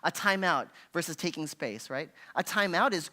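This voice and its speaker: Male workshop presenter, slightly high-pitched, chatty teaching tone, keeps asking "right?". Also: moderate pace, hardly any pauses, bright, forceful tone. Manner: conversational, constantly asking "right?"; acts out frustrated parents in a raised voice. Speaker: parenting workshop speaker. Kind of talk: parent education talk. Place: church hall.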